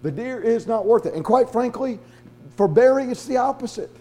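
High-voiced animated pastor, man. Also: moderate pace. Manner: animated, acts out voices in his stories. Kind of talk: sermon with storytelling.

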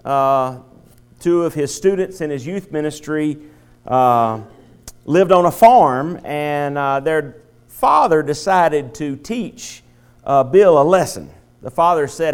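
A male pastor giving a sermon, pausing often with fillers as he makes announcements and tells a story. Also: fairly high pitch, expressive, clear, resonant tone. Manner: halting, many filler pauses.

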